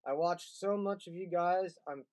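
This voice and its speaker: A man's voice: sits high, a little slow, a little mellow, poor audio. A man hosting a show, reading a viewer's letter aloud and joking in casual comedic banter. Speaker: host.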